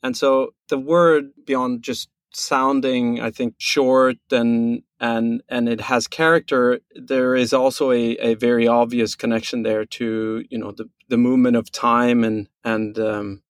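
A man from Norway with a Norwegian accent, a guest on a podcast who explains things in a measured way with many pauses and restarts. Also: medium pitch, flat delivery, no room sound. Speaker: guest, brand co-founder. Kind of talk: casual podcast interview.

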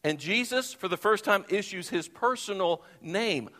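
A man preaching a sermon from the pulpit, expressive, acting out the Bible quotes he tells. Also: high-pitched, normal speed. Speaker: pastor. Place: church sanctuary. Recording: long reverb of a church hall.

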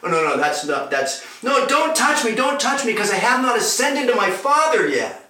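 A man's voice: fairly high pitch, sing-song, normal speed, pushed and bright. A man voicing an insistent male teacher who gives urgent, repeated warnings, heard from a distance in an echoey room.

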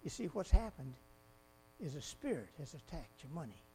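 A man preaching a sermon in an animated way, swinging from loud exclamations to quiet asides and laughing often. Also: a little high, moderate pace. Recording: mains hum behind the voice.

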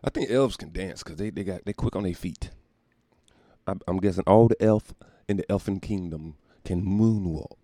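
A man hosting a solo podcast and ranting casually, profane and animated, laughing often while recording at home. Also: sits low, moderate pace, dry recording, clean studio sound. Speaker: podcast host.

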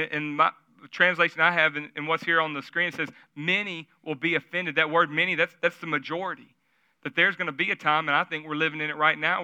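A man's voice: on the high side, pushed and bright, clean tone, dry recording. A man preaching a sermon at a church service, telling stories in a conversational way and asking the audience questions. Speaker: pastor.

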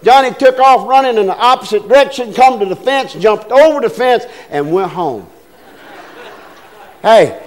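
An older man preaches with a drawl, his voice sitting high for a man. He spins homespun anecdotes in an easy, folksy sermon style and breaks into little voices for the people in his stories.

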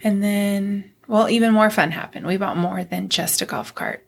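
A woman's voice: medium pitch, normal speed, vocal fry, breathy edge. A middle-aged woman co-hosting a casual chat show, telling stories about her week and laughing often. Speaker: podcast co-host.

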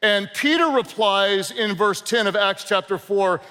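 A man from the American South with a Southern accent, preaching a sermon as a guest pastor in an energetic, humorous storytelling way, calling out to the crowd. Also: sits high, unhurried, clear, resonant tone. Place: large church auditorium. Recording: long reverb of a big hall.

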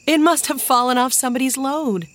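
A woman's voice: sits high, a little fast, voice pushed up, natural voice. Practical storybook girl, earnest and eager, woman reader voicing her.

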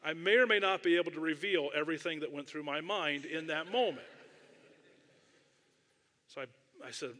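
Man, middle-aged pastor, sermon, self-deprecating storytelling, conversational asides, bright voice, long hall reverb. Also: a little high, normal speed, long pauses.

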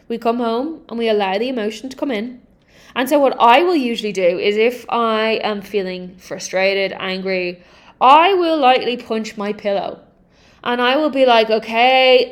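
With a fairly high-pitched voice, a young woman who works as a healing coach delivers a casual, energetic podcast monologue, candid and full of free swearing.

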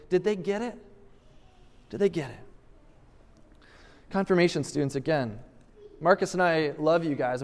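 A man's voice: on the high side, long reverb tail. A male pastor preaching a sermon, emphatic and repeating rhetorical questions to press his point.

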